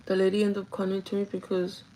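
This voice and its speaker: A woman's voice: mid-range voice, monotone, fast, warm tone, slight background noise, rough recording. A woman who works as a store manager tells a casual, gossipy story to her livestream chat, full of "like" and the odd swear word. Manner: chatty and gossipy, with frequent "like" and swearing.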